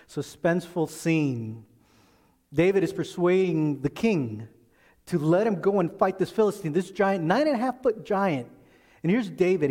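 A man's voice: fairly high pitch, a little mellow. A male pastor giving a sermon, reading scripture and then retelling it in a casual storytelling way. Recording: long reverb of a large hall.

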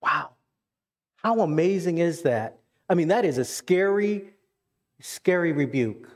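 A man's voice: on the high side, animated, slow. A man preaching a sermon, earnest, with repeated words and questions to the congregation. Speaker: pastor.

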